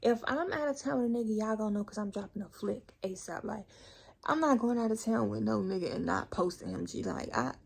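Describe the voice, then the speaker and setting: A woman's voice: mid-range voice, animated, fairly quick, creaky, slightly rough. A young woman vlogger telling a casual storytime, chatty and profane, talking straight to her viewers.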